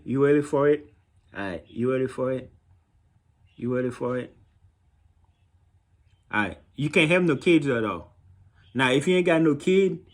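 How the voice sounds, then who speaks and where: A man's voice: a little high, a little mellow. A man with a Haitian accent giving blunt, mocking dating advice in a casual monologue, often repeating himself.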